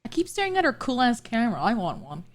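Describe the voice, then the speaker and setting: A woman's voice: on the high side, wildly swooping pitch, fast. A woman streamer giving playful, casual commentary while she plays a game. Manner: playful, laughing, swears casually. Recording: stream mic with faint game music.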